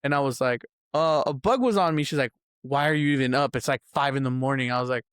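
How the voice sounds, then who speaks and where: A man's voice: mid-range voice, quick pace, fairly bright tone, clear, resonant tone, no room sound, studio quality. A young man co-hosting a podcast, telling childhood stories in casual chat, laughing often and swearing freely. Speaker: podcast co-host.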